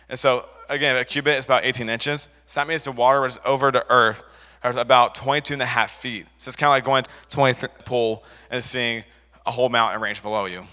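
A man's voice: medium pitch, steady tone, quick pace, sharp tone, long reverb tail. A young man preaching a casual sermon, rambling through a personal story with fillers and restarts. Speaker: youth preacher.

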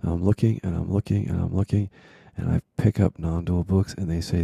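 A man with a very dark, husky voice tells his own story as a spiritual teacher. He is candid and reflective, and he swears freely. His low, gravelly tone is recorded dry, with no room sound. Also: level tone, a little fast, few pauses, no echo. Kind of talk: personal storytelling monologue.

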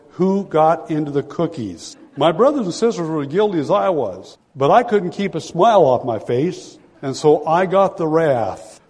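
A man in his sixties preaching a sermon as pastor, dramatic, swinging from loud pleading to hushed low tones. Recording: long hall reverb.

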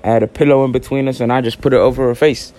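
A man's voice: mid-range voice, steady tone, very fast, warm tone. A teenage boy hosting a casual solo podcast, rambling and joking in heavy slang with lots of cussing. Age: late teens. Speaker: podcast host.

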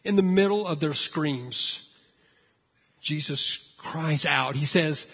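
High-voiced, husky man preaching. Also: measured pace, long reverb tail. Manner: animated storytelling, acting out frightened voices. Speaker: pastor. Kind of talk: sermon.

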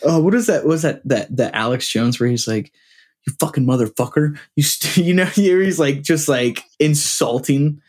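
Male podcast co-host, husky voice, relaxed and laughing. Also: fairly high pitch, normal speed, hardly any pauses. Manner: laid-back, laughing banter. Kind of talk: casual sports chat.

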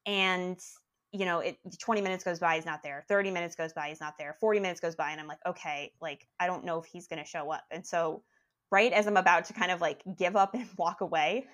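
A young woman telling a long personal story as a guest, animated and rambling, with lots of restarts. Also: fairly low pitch, a little fast. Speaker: podcast guest. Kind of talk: casual storytelling.

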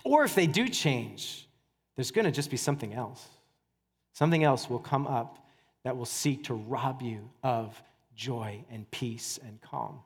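A man pastor preaching a sermon in a conversational, animated way, with casual asides. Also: medium pitch, unhurried, husky. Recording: church hall reverb.

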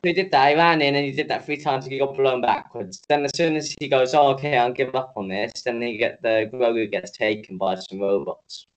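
A man's voice: mid-range voice, brisk, hardly any pauses. A tired young man from the UK co-hosting a casual podcast, joking and rambling with swears. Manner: jokey, rambling, swears, mock announcer bits. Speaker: podcast co-host. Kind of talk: casual chat.

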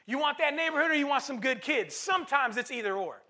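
A man's voice: extremely high pitch, lively intonation, fast talker, bright, forceful tone. A man preaching a sermon as pastor, emphatic, repeating phrases for stress and calling out to the congregation. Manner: calls to the congregation.

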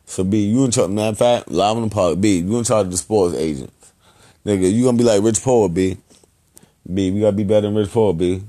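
A man hosting a podcast, giving loose, rambling shout-outs in heavy slang and profanity. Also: on the low side, fairly quick. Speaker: podcast host.

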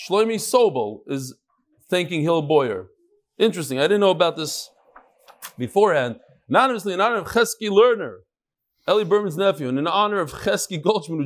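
A man hosting a daily class, reading out sponsor dedications and listener messages with casual asides. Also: sits high. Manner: conversational, ad-libbing asides while reading. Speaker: rabbi and class host.

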